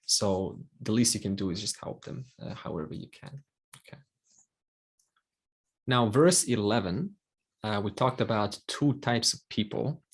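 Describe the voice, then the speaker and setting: Brief: male teacher, lower voice, calm explanatory class delivery. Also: unhurried, long pauses, breathy edge. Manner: calm explanatory, many fillers. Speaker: Vedanta teacher.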